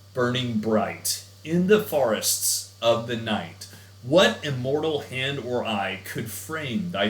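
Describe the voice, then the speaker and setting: A man reading a poem aloud slowly and with emotion. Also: medium pitch, fairly bright tone, echoey room. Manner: slow and emotional recitation. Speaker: teacher. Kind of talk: dramatic poetry reading.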